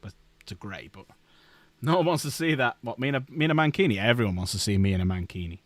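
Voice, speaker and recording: A man's voice: medium pitch, lively intonation, quick pace, no echo. A man hosting a casual live stream at his desk, joking, swearing and laughing often. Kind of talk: casual live-stream chat while building models.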